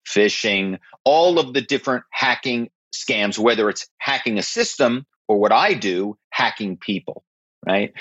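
A man telling stories as an interview guest, emphatic and animated, often checking in with "right?". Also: mid-range voice, dry recording. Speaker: guest, former actor and corporate spy. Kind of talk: interview conversation. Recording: slightly dull, dry.

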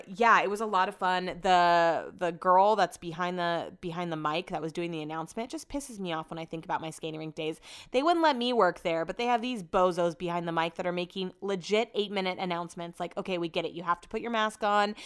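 A woman's voice: lowish voice, a bit bright, clear, resonant tone. A woman hosting a podcast, telling a story in a chatty, sarcastic way and swearing freely. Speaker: podcast host.

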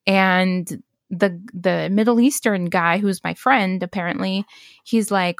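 A woman's voice: mid-range voice, moderate pace, dry recording, studio quality. A woman in her thirties telling a dream story in casual chat, rambling with lots of "like" fillers. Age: 30s. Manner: rambling, many "like" fillers, acts out quotes.

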